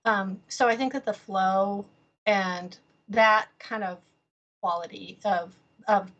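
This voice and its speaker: A woman's voice: medium pitch, steady tone, takes it slowly, a bit bright, dull audio. A woman artist being interviewed on a podcast, talking casually with many fillers and easy laughter. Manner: rambling, lots of fillers and restarts, laughs easily. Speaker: guest artist.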